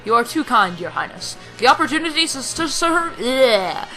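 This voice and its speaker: A loud, obnoxious young knight played by a woman swears oaths with booming, overwrought fervor. The voice is high-set and bright. It is game voice-acting done for a let's play. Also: sing-song, moderate pace, faint music behind, exaggerated voice, low-quality recording. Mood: passionate.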